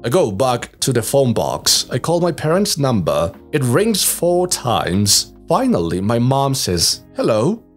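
A man reads a storybook aloud in a careful, deliberate manner. His pitch rises and falls in big, sing-song swoops. Faint music plays behind him. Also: huge pitch swings. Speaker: reader practicing English.

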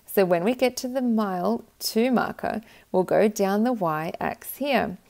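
A woman voicing an eager young boy on a treasure quest in a storybook read-aloud, with a slightly gravelly voice. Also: mid-range voice, unhurried, a little mellow.

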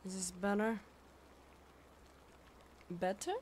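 A woman's voice: mid-range voice, fairly even intonation, takes it slowly, darkish tone, slight background noise. A woman streaming a game live, chatting casually, swearing freely and talking back to the game and her chat.

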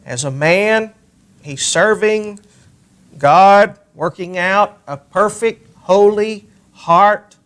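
Man preaching a scripture sermon, higher voice. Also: fairly bright tone. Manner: preaching with rising emphasis and slow stressed words; reads scripture aloud in King James wording. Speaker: pastor.

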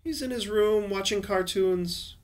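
A man doing a sleepy, soft-spoken wife. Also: sits high, measured pace, voice pushed up. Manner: soft, drowsy. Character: sleepy, affectionate adult wife, woman.

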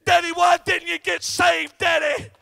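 A man preacher voicing young children who sob and plead with their lost father in a shouted, wailing voice. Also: very high voice, flat delivery, unhurried, vocal fry, no room sound, clean studio sound, voice pushed up, exaggerated voice. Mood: anguished pleading.

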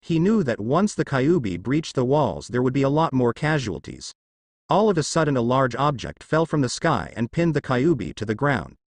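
A man narrating a fanfiction audiobook in an even storytelling read. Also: medium pitch, moderate pace, dry recording.

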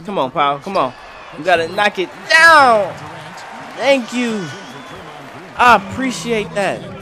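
A young man commentating live on his own basketball video game, excitable and trash-talking at the screen. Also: high voice, slow pace. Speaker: gaming commentator. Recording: game music and crowd noise faintly behind. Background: faint game music and arena crowd.

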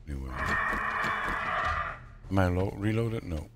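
Heavy background noise surrounds a low-pitched man whose voice swings widely in pitch as he talks slowly with long pauses. Hosting a gaming channel, he comments casually on his survival game, not in English, chatting with the zombies and grumbling at them with mock irritation.

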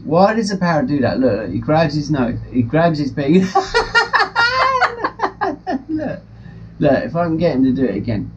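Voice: mid-range voice, very animated, moderate pace, pauses often. A pet vlogger chatting to the camera and a parrot at home, rambling and giggling often. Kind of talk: casual chat to camera and parrot. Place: home room in front of a ring light. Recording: slightly dull with faint noise.

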